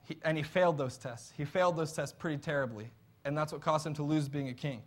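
A man's voice: on the high side, quick pace. A man preaching a sermon in an earnest, conversational storytelling way.

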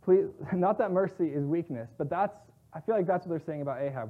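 A man with a somewhat high voice teaches from scripture in a relaxed, chatty way, reading verses and then retelling them in plain slang. The sound is thin and narrow, as if heard over a phone line. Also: fast, few pauses. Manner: conversational, paraphrases scripture in everyday slang. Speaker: Bible teacher. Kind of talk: casual Bible teaching.

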